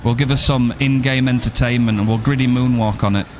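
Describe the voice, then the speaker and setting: A man's voice: mid-range voice, steady tone, fairly quick, slight background noise. A young man streaming a game, joking around and swearing casually as he plays. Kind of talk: live gameplay commentary.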